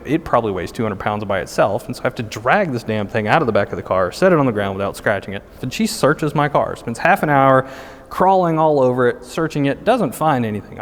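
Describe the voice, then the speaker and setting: A man's voice: medium pitch, big-room sound, a little hiss or hum. A middle-aged man telling a casual story in a wry, self-mocking way, full of fillers and restarts. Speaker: guest storyteller.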